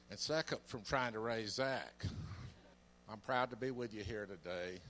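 A man's voice: lowish voice, fairly bright tone, a little hiss or hum. Older Southern man with dry humor. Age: 70s. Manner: dry, self-mocking humor with earnest pauses. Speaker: church member introducing the guest speaker. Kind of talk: jokey introduction to a congregation. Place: church sanctuary.

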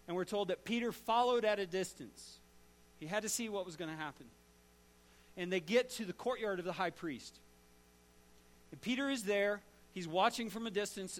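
A man preaching a sermon as a dramatic story, swinging from loud to hushed and asking the listeners direct questions. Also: high voice. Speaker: pastor.

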